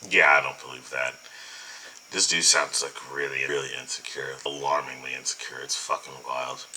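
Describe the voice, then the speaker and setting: A man's voice: very deep voice, little pitch movement, moderate pace, sharp tone, slight background noise, poor audio. A man hosting reaction commentary, incredulous, emphatic and full of swearing. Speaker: commentary host.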